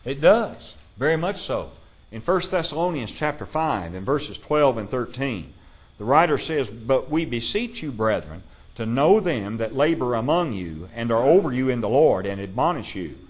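Reading scripture slowly aloud, a man leads a Bible class and asks his listeners questions. His voice sits in the mid range.

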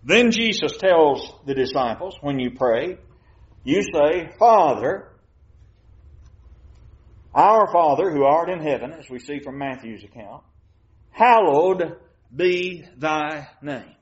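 A man preaching a sermon, reading scripture slowly and putting questions to the congregation. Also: on the high side, expressive. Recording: muffled church recording.

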